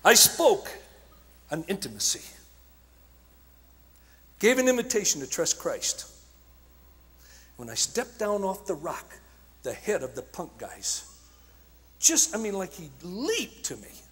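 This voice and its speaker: A man preaching at a conference, telling stories with passion, shouting at times and dropping to a hush at others. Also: high voice, wildly swooping pitch, takes it slowly, pauses often, breathy edge. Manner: impassioned storytelling, swinging from shouts to hushed tones. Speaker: evangelist speaker. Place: large conference hall. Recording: long hall reverb.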